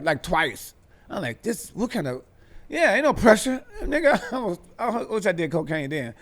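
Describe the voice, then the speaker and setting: Man, comedian, fairly high pitch, animated, profane slang, acts out voices, laughs a lot. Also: fairly quick. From US Midwest. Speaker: stand-up comedian guest. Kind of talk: storytelling on a talk show.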